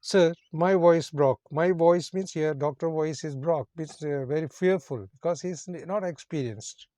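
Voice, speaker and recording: A man's voice: a little high, moderate pace, dark tone, no room sound, clean studio sound. A man teaching English, reading a story passage aloud and then explaining its words in simple phrasing, repeating each meaning.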